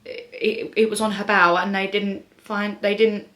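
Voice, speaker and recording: A woman's voice: mid-range voice, flat delivery, a little slow, fairly bright tone. A young woman telling a personal story to camera in a rambling, chatty way, full of fillers and restarts. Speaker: vlogger. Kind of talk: casual storytime monologue.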